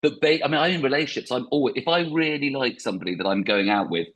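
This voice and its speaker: Middle-aged male comic, husky voice, mid pitch, rambling self-deprecating chat. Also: fast, a bit bright, poor audio. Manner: self-mocking, chatty, many restarts. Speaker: comedian guest. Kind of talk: casual interview chat.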